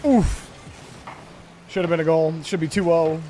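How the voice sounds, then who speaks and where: A man's voice: fairly high pitch, level tone, fast talker, dark tone, a little hiss or hum. A man casting a live video game match, chatting and giving play-by-play. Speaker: esports caster. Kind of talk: live game commentary and chat.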